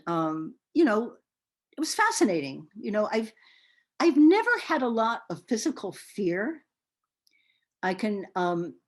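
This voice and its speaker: An older woman with a fairly low voice tells her life story in an oral history interview. She's expressive and animated, often pausing with fillers.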